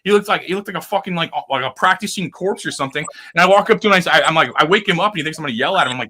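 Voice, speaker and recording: Fast-talking, bright-voiced man rambling. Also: on the high side. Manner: rambling, profane, full of fillers. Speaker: podcast host. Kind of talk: casual chat.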